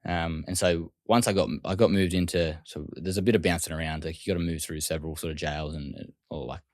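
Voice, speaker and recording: A deep-voiced Australian man tells a story at a brisk pace. He talks casually and slips into quick quoted voices for other people. The sound is dry and close. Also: fairly even intonation, darkish tone, dry recording. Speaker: guest.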